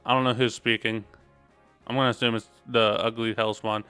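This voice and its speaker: A man's voice: mid-range voice, flat delivery, fairly quick, bright, forceful tone, clear, resonant tone, faint music behind. A young man streaming a game, chatting casually with jokes and rambling asides.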